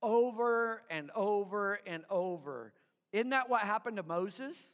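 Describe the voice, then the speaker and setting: Male pastor, very high voice, slow emphatic sermon with congregation call-outs, recorded in a reverberant hall. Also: animated, a bit bright. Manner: stammering repeats of words.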